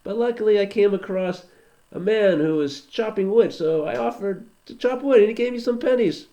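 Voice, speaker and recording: A man's voice: sits high, moderate pace, mellow, lo-fi sound, pitched above the performer's own voice. Man doing a cheerful, chatty poor handyman. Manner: upbeat, chatty, Yiddish-flavored words. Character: cheerful poor male handyman, always happy.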